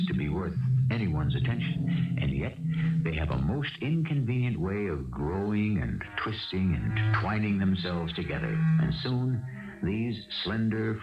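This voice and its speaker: Man narrating a radio mystery, very low voice, music behind, echoey dull broadcast sound. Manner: measured, grave storyteller delivery. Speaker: radio drama host. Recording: roomy, dull old radio recording with music.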